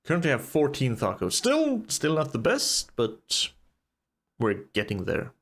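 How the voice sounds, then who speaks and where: A man's voice: medium pitch, huge pitch swings, measured pace, fairly bright tone. A man giving casual let's play commentary, chatty and thinking aloud while he plays. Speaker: gamer.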